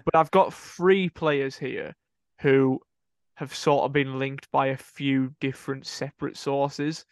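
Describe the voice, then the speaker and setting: A man's voice: medium pitch, fairly even intonation, takes it slowly, clear, resonant tone, no echo. Rambling man, dry close sound. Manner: rambling, self-correcting, laughing at own slips. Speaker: podcast co-host reading transfer rumours. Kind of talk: casual podcast chat.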